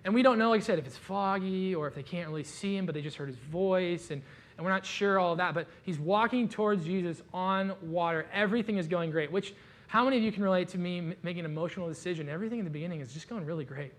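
A man delivers a sermon like a relaxed storyteller, cracking jokes and piling on casual fillers. His voice sits a little high for a man. The tone stays conversational rather than formal. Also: fast. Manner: casual, joking, animated storytelling with many "like" fillers. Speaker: pastor.

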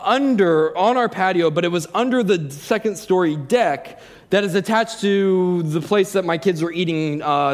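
Self-mocking man telling a story. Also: fairly high pitch. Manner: self-deprecating, lots of fillers and restarts. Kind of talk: personal anecdote, casual storytelling. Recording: long hall reverb.

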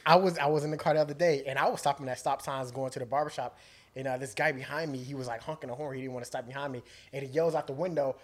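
Male co-host, fast-paced, easygoing storyteller, mid-pitched voice. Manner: laid-back anecdotes, laughs often. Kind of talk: casual chat.

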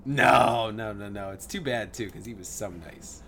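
A man's voice: on the low side, normal speed, a bit bright, a little hiss or hum. A man in his thirties telling a rambling anecdote in casual podcast chat, full of fillers and restarts. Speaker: podcast co-host.

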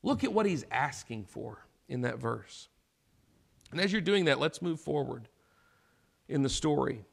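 A man's voice: medium pitch, lively intonation, measured pace, gravelly, pauses often. A man preaching a sermon, explaining scripture in a conversational way and acting out short paraphrased lines.

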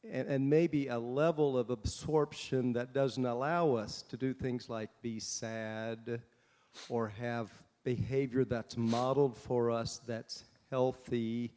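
Male audience questioner, slow and deliberate, warm dark tone, hall reverb. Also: medium pitch, fairly even intonation. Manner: slow, deliberate, searching for words. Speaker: audience member asking a question. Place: conference hall.

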